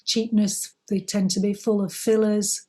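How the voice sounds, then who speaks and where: A woman co-hosting a spiritual talk, giving gentle, reassuring advice. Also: medium pitch, little pitch movement, measured pace. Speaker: spiritual co-host.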